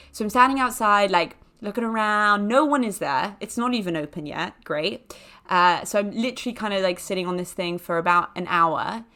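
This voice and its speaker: A woman's voice: medium pitch, fairly bright tone. A young woman, hosting a podcast and telling a personal anecdote casually, full of fillers and self-mocking jokes. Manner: chatty, filler-heavy with jokey self-mocking asides. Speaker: podcast host.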